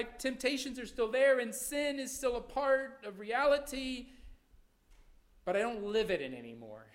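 A man's voice: high-pitched, a bit bright. A man preaching a sermon, emphatic, often checking in with "right?" and repeating his points. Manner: repeats phrases and restarts words.

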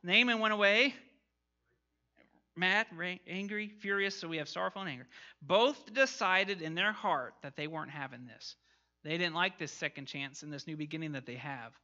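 Man, high bright voice, animated Bible class teacher, dull lo-fi sound. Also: moderate pace. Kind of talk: interactive Bible lesson.

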